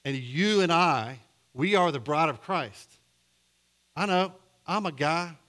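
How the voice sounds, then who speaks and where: A middle-aged male pastor preaching a sermon, telling a story with a voice that goes from hushed and low to loud and emphatic. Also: slow.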